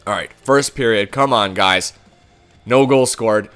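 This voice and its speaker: A young man giving casual commentary on his own sports video game, swearing a lot and swinging between low muttering and angry shouts. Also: animated, measured pace. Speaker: gaming YouTuber.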